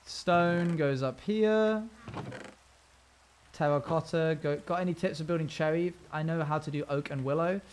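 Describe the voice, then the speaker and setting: A man's voice: fairly high pitch, measured pace, slight background noise. A man streaming a game live, chatting casually with his viewers, reading their comments aloud and humming little tunes as he builds. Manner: hums and scats tunelessly while building. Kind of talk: casual live-stream chat while playing.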